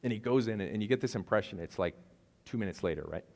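Man, pastor, conversational sermon, low voice, long hall reverb. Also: lively intonation, fast talker, a little mellow. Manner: conversational, storytelling with asides and jokes.

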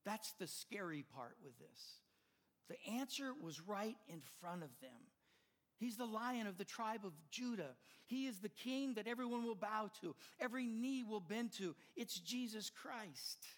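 An older man preaching a sermon as pastor, impassioned and swelling louder at the climaxes. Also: high-pitched, lively intonation, measured pace.

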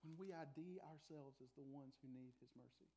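A man's voice: on the high side, brisk, warm tone. A middle-aged man preaching a sermon to a congregation, telling a story in a conversational way and laughing at himself. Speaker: pastor.

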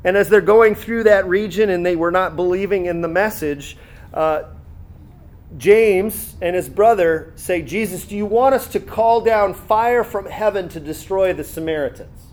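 A man with a high-pitched voice delivers a relaxed, conversational sermon. He reads scripture aloud and stops to comment on it, filling his speech with "uh" and frequent restarts. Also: normal speed. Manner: conversational preaching with many fillers and restarts. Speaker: pastor.

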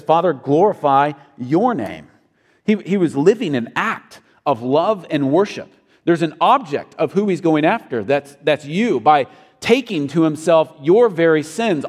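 A man's voice: a little high, darkish tone, in a large hall. A man preaching a sermon as pastor, earnest and building to emphatic peaks.

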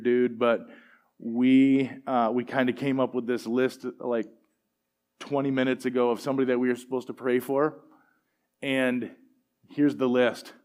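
A middle-aged man preaching a sermon and telling personal stories in a relaxed, conversational way, with plenty of fillers. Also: medium pitch, clean tone. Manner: conversational, animated storytelling with fillers. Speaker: pastor. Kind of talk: sermon storytelling.

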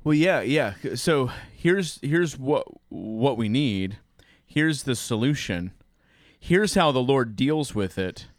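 A man's voice: medium pitch, animated, takes it slowly, dry recording, studio quality. An American man, a pastor, talking about his sermon in a rambling, self-interrupting way and laughing often. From United States. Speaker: pastor and preacher. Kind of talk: casual chat.

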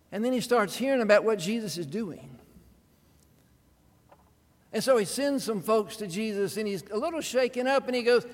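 A man delivers a sermon in a high, lively voice that leans into drama and wry humor. Long reverb from a large church hall trails after each phrase. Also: normal speed. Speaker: preacher.

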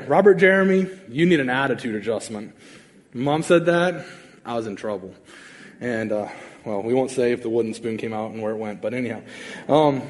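A man preaching a sermon as pastor, casual and conversational, acting out the voices in the stories he tells. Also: on the high side. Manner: animated, conversational, acts out quotes. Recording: long reverb of a large hall.

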